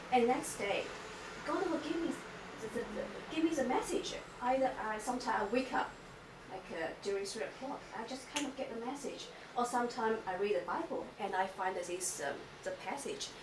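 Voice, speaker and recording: A woman giving an emotional personal testimony at a church gathering, halting and full of restarts. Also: sits high. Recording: echoey room, mic far off, noisy.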